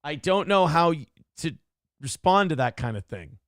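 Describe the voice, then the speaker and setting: Brief man hosting a show, gravelly higher voice, sarcastic and profane, dry close sound. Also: big pitch swings, moderate pace, a bit bright, no echo. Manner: profane, sarcastic, self-mocking. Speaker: talk show host. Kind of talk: casual live-stream chat reading viewer comments.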